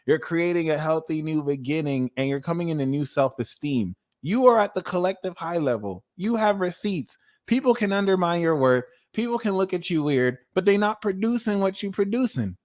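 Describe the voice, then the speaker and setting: A man in his thirties giving a livestream tarot reading, talking in a blunt, animated way and swearing freely. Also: fairly high pitch. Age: 30s. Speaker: tarot reader.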